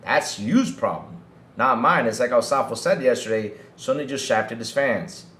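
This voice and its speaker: A man's voice: mid-range voice, expressive, moderate pace, a bit bright, roomy sound. A man hosting a livestream podcast, ranting heatedly to his chat and often repeating himself. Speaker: podcast host.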